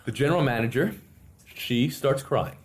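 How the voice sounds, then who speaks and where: A man's voice: medium pitch, moderate pace, slight background noise. A middle-aged man, a podcast guest, telling a long story with lots of energy and putting on voices for the people in it. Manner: lively, theatrical, acts out other people's lines. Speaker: interview guest. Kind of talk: animated storytelling.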